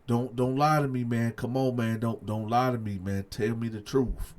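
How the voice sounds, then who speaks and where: A man's voice: mid-range voice, fairly even intonation, normal speed, a little mellow, lightly acted. A man voicing a distraught adult friend who pleads and repeats himself over and over. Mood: pleading.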